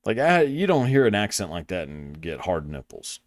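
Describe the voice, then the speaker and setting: Low-voiced and very animated, this young podcast host with a Southern US accent talks at a normal speed on a dry recording. His casual monologue is crude and rambling, full of swearing and self-deprecating jokes.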